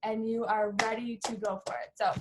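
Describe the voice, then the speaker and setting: A woman's voice: on the high side, little pitch movement, a little fast, background noise. A woman hosting a team video call, upbeat and encouraging as she rallies her team.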